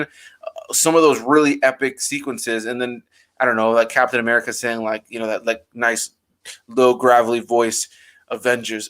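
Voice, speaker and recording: A man hosting a casual chat, rambling and animated, with plenty of fillers. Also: medium pitch. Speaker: host.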